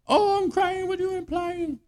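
A man voicing a whiny, oversensitive male coworker in a mocking falsetto whimper. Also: steady tone, normal speed, darkish tone.

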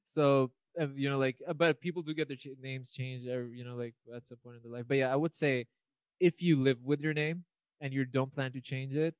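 A man's voice: mid-range voice, steady tone, brisk, clean tone, dry recording, poor audio. A young man co-hosting a casual podcast, wandering through his thoughts with plenty of "you know" and "like." His voice is clean and resonant, recorded close and dry. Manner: rambling, filler-heavy, laughs often. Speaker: podcast co-host. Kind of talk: casual chat.

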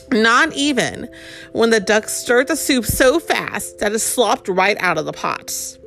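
A woman's voice: mid-range voice, vocal fry, fairly bright tone. A woman reading a picture book aloud to a child, with chatty asides about the pictures.

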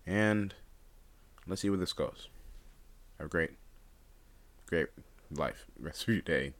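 A man's voice: sits low, slow pace, a bit bright. A young man hosting a solo podcast, rambling and unscripted with lots of fillers and restarts, his voice still groggy from just waking up. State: groggy morning voice. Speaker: podcast host.

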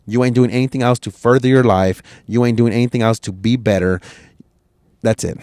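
A man's voice: medium pitch, fairly even intonation, fairly quick, no room sound. Host, male, 30s: crude motivational rant, dry close sound. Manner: blunt and crude, swings from quiet musing to loud scolding. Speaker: podcast host.

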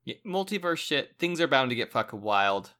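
A man's voice: mid-range voice, big pitch swings, normal speed, bright, forceful tone. A man co-hosting a podcast, chatting casually and enthusiastically, with casual swearing. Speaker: podcast co-host.

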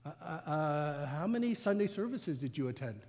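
A man's voice: a little high, big pitch swings, normal speed, a little mellow. A man putting on the voice of a doubtful saint in heaven, politely quizzing a newcomer. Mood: quizzical. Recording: long hall reverb.

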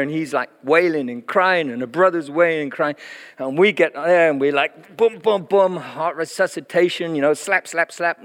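In a church hall with long reverb, a man with a slightly high voice shares a sermon testimony through storytelling. He's animated and chatty, laughs often, and uses many fillers.

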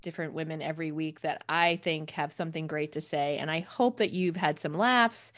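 A woman's voice: low-pitched, brisk, fairly bright tone. A woman hosting a podcast, gushing and laughing often as she wraps up the chat. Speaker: podcast host. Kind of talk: casual chat.

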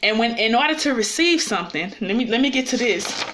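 A woman's voice: on the high side, lively intonation, fairly quick, a bit bright. A woman giving an informal, personal sermon, often checking in with her listeners as she speaks. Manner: personal and confessional. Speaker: preacher.

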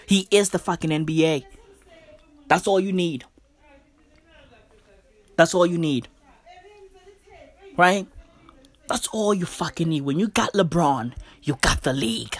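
A man's voice: fairly high pitch, fairly bright tone, no echo. A man ranting in a casual, profane, slang-heavy way and checking in with "right?" again and again. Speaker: commentator. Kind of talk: casual rant.

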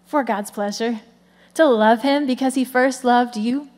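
A woman pastor in her thirties preaching in a friendly, conversational way. Her voice sits a little high, and she keeps the congregation engaged with quick asides. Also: steady tone, a little mellow, a little hiss or hum. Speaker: lead pastor. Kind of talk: sermon.

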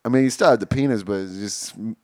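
A man's voice: on the low side, fast, darkish tone, dry recording, clean studio sound. A man co-hosting a casual podcast, teasing his partner with crude jokes and laughing often. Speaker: podcast co-host.

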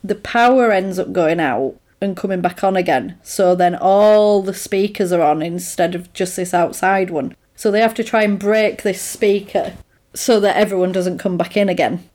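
A woman's voice: medium pitch, normal speed, a little mellow. A woman in casual chat, retelling film scenes in a chatty way and acting out the characters' lines. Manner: chatty, retells scenes with acted-out quotes and laughs.

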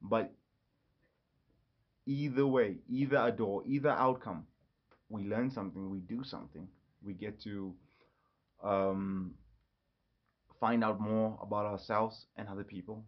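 A man hosting his own casual solo podcast, rambling and jumping quickly from topic to topic. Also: fairly low pitch, steady tone. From Ireland. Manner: rambling, jumps between topics. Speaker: podcast host. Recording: slightly dull lo-fi audio.

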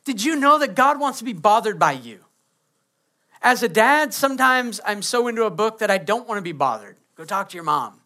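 A man's voice: sits high, sing-song, brisk, sharp tone. A man, preaching a sermon as pastor and acting out quoted kids and prayers.

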